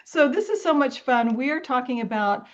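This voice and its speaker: A woman hosting a film podcast, enthusiastic and quick to laugh as she interviews her guest. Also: high-pitched, expressive. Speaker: podcast host. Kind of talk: casual interview chat. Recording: muffled lo-fi audio.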